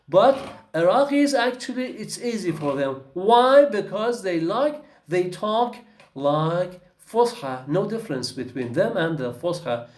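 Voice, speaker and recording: A man teaching English pronunciation, slow and repetitive, often asking "okay?" to check understanding. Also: a little high, darkish tone. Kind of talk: recorded phonetics lesson. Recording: echoey room.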